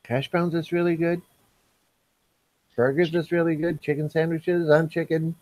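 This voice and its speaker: A man's voice: fairly high pitch, flat delivery, normal speed, a little mellow, no echo. A man hosting a casual live stream, reading viewers' chat messages aloud and answering them.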